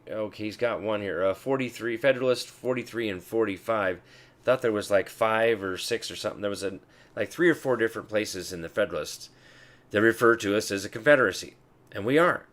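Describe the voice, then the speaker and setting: A man with a fairly low voice makes his points in a casual discussion. He is emphatic but halting, stopping often on fillers before driving each point home. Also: a bit bright. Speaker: guest.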